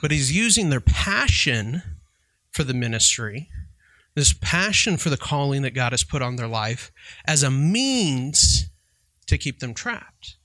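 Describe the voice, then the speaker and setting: A man's voice: mid-range voice, very animated, unhurried, pushed and bright, dry recording. A man who works as a Christian counselor, giving a conversational faith talk and often checking in with "right?". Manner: conversational, keeps asking "right?"; chuckles while telling stories. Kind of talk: casual faith teaching.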